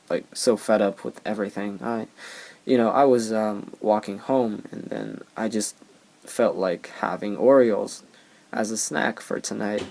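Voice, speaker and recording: A man's voice: lowish voice, gravelly, darkish tone. A young man hosting a casual podcast, telling rambling anecdotes with many fillers. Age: young adult. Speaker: podcast host.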